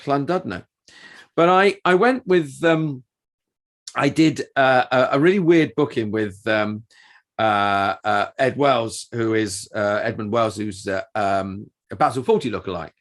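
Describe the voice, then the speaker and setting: A man's voice: medium pitch, a little slow. A middle-aged man, a podcast co-host, telling anecdotes in casual chat with many restarts. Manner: animated storytelling with restarts. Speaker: podcast co-host and touring performer.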